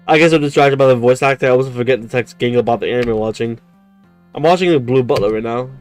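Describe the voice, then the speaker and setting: A gaming streamer with a mid-range voice talks fast while playing a dating game, reading its text aloud and chatting with viewers in a giggly, stammering way. There's no room sound, just faint music in the background.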